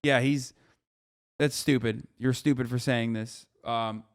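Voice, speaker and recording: A man in his thirties giving casual live-stream commentary, blunt, mocking and profane, talking fast in bursts. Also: medium pitch, steady tone, dry recording, studio quality. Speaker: political streamer.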